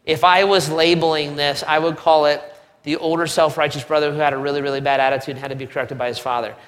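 A male pastor preaching a sermon in a conversational, animated way, with joking asides. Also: on the high side, fast talker. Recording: long reverb of a large hall.

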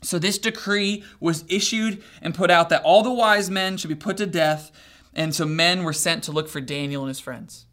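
Lively high-voiced male preacher. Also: moderate pace. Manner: animated, conversational, often checks in with listeners. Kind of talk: casual sermon retelling a Bible story.

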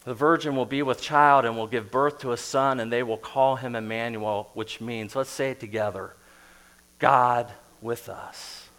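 A middle-aged man preaching a sermon as pastor, earnest, with soft quiet drops and emphatic bursts. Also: medium pitch, fairly even intonation, moderate pace, few pauses.

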